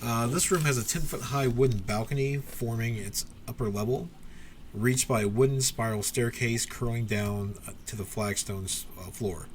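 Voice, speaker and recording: A man's voice: mid-range voice, normal speed, slight background noise. A man narrating as dungeon master, reading room descriptions with frequent uhs and ums. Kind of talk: narrating a tabletop game.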